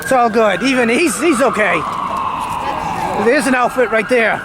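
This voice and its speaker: A man giving an excited live post-game vlog outdoors near a stadium, talking while he walks and chanting along with the crowd. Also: extremely high pitch, moderate pace. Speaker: sports fan vlogger. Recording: noisy outdoor street recording.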